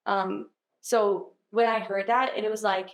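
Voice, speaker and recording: A young woman guest on a podcast, chatting casually about her faith, full of "like" and quick laughs. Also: medium pitch, fairly even intonation. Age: young adult. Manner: chatty, lots of "like", laughs easily. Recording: echoey room.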